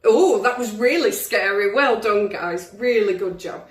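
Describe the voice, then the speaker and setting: A woman's voice: mid-range voice, measured pace, distant mic. A young woman teaching a drama lesson to pupils on video, encouraging them and demonstrating different voices. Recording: roomy, from the mic.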